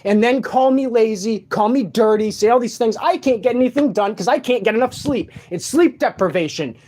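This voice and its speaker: A man's voice: very high voice, fairly quick, a little mellow. A sleep-deprived man in an agitated, profane rant, speaking in a room of a shared home late at night. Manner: agitated, profane, repetitive ranting.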